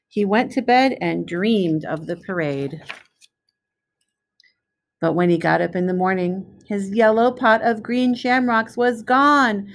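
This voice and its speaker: Reading a picture book to young children, a preschool specialist uses a slow, clear storytelling style. She speaks at a medium pitch.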